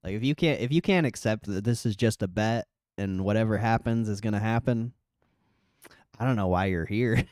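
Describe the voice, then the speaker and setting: A man with a lowish voice hosts a relaxed livestream, chatting loosely and swearing as he reacts to viewer comments. He laughs often and trails off into mumbles. The recording is close and dry. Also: normal speed, dry recording. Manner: laid-back, swears a lot, laughs often. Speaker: livestream host. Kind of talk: casual livestream chat reading comments.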